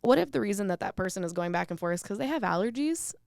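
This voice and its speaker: Gravelly, smooth-voiced woman guest. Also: mid-range voice, expressive, fast, darkish tone, no echo. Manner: earnest, reflective storytelling. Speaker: podcast guest. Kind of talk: casual interview conversation.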